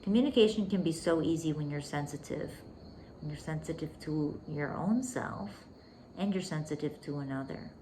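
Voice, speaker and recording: Woman host, low voice, intimate coaching monologue, faint hiss behind. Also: moderate pace, mellow. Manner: intimate, emphatic, calls listener "baby", drops to whispers. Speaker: podcast host.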